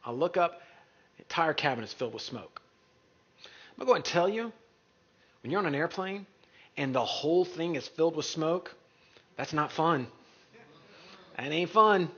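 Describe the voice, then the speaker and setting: Bright-voiced man telling a story. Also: a little high, moderate pace, pauses often, husky. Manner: animated, acts out quoted voices. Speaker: real estate speaker. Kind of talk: storytelling talk to an audience. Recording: dull lo-fi recording.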